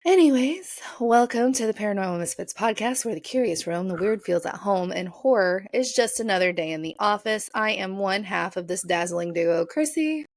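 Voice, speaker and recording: A woman co-hosting a podcast in loose, rambling chat, laughing often and stumbling over words. Her voice has a gravelly fry, and it sits at a middle pitch. The sound is dry and close on a podcast mic. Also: animated, normal speed, hardly any pauses, no room sound. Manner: giggly, rambling, tongue-tripping. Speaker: podcast co-host. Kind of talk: casual chat.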